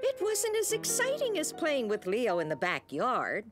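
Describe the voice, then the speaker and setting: A woman narrating a preschool cartoon in a warm, even storytelling manner. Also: on the high side, a little slow. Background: children's music.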